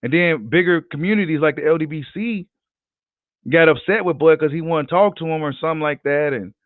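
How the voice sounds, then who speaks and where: A man hosting a casual boxing livestream, talking in an animated, slangy, profane way and repeating himself as he reads comments. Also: a little high, fairly quick, no echo. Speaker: boxing channel host. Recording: tinny phone-like audio.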